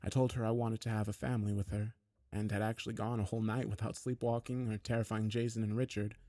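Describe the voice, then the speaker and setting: A man with a fairly low voice narrates a first-person horror story, steady and low-key. The sound is dry and close, with almost no room around it. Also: quick pace, no room sound.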